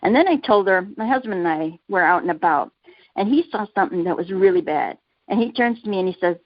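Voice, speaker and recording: An earnest woman, a guest author, answers interview questions in a mid-pitched voice and slips into little personal stories. The sound is dry and somewhat muffled, with a lo-fi edge. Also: lively intonation, fast talker, dry recording. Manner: earnest, laughs easily, tells personal anecdotes.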